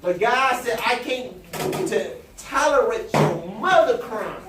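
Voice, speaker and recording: Preaching slowly to a Bible study group, this pastor has an extremely high-pitched voice with lively intonation. His style is exclamatory and call-and-response. It's recorded in a church room with the group, on a distant mic with roomy echo and background noise.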